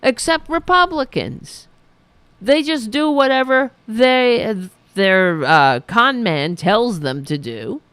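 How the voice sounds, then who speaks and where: A woman's voice: on the high side, animated, slow, hardly any pauses, a bit bright, clean tone, no echo. A woman hosting her own podcast, ranting about politics in a sarcastic, profane, mocking way. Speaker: podcast host. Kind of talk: political commentary rant.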